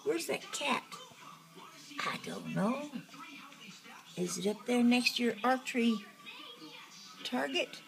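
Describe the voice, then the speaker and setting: A woman's voice: fairly high pitch, expressive, slow, vocal fry, pauses often, music in the background. An older woman, a grandmother, talking to small children at home in a sing-song baby-talk voice, cheering and coaxing them. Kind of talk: home video, talking to little kids.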